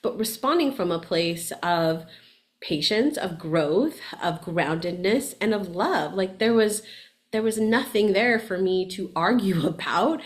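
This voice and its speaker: A woman hosting a podcast in casual coaching talk, chatty and animated, often checking in with "right?" and laughing as she talks. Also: medium pitch, measured pace. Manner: laughs often while talking. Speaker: podcast host and spiritual coach.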